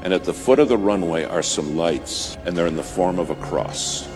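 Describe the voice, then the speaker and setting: A man preaching a sermon, telling a story with dramatic swings from loud to hushed. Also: sits low, moderate pace. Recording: music bed behind voice.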